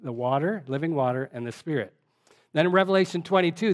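A man's voice: medium pitch, expressive, brisk. A man preaching a teaching sermon, reading scripture aloud and talking with the congregation in a conversational way.

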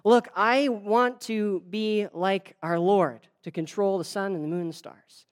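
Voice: mid-range voice, fairly even intonation, a little slow, clear, resonant tone, lightly acted. A speaker voicing a fisherman's greedy demanding wife. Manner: insistent, demanding. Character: poor fisherman's greedy, never-satisfied wife.

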